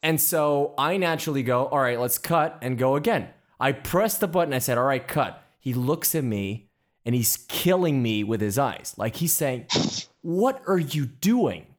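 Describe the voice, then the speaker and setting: A man hosting a casual interview and telling lively anecdotes about working as a photographer's assistant, with frequent restarts. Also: mid-range voice, moderate pace. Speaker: podcast host.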